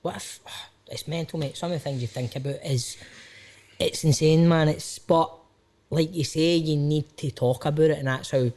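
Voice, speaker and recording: A man's voice: fairly high pitch, fairly even intonation, moderate pace, a little mellow. Candid Scottish man, rambling and self-questioning. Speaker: podcast guest, actor. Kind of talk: candid casual conversation.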